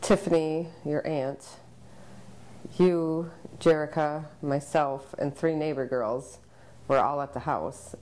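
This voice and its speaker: A mother recounting a frightening family memory to the camera, emotional and halting, with many pauses. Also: deep voice, fairly even intonation, darkish tone. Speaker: interviewee, subject's mother.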